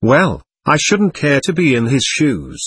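A man's voice: mid-range voice, huge pitch swings, measured pace, fairly bright tone, husky, no room sound, heavily acted. Man voicing a sneering, spiteful young man. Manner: venomous, sneering.

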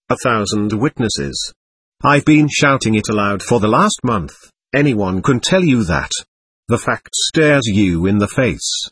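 A man reading an agitated, proud young man who pleads and protests with passion. The voice is husky and swings widely in pitch, heard close and dry as in an audiobook. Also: a bit bright, no echo, heavily acted. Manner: impassioned, pleading, emphatic.

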